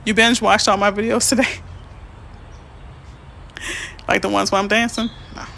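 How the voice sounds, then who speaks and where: Bright-voiced chatty woman realtor. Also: mid-range voice, normal speed, creaky, a little hiss or hum. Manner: reads out and answers viewer comments; chatty, excitable, easily emotional. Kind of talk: casual live-stream chat. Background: birds chirping faintly.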